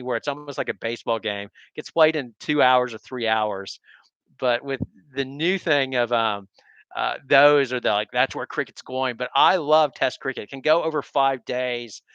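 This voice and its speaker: Rambling American man, bright and clear. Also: mid-range voice, dry recording, lo-fi sound. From Texas, USA. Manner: rambling, enthusiastic digressions. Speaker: sports stream host. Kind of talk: casual solo sports talk stream.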